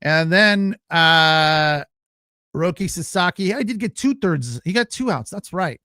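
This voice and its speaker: High-voiced man ranting on a sports podcast. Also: expressive, unhurried, pushed and bright, no echo, clean studio sound. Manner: loose, ranting, with fillers and swearing. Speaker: podcast host. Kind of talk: casual sports podcast talk.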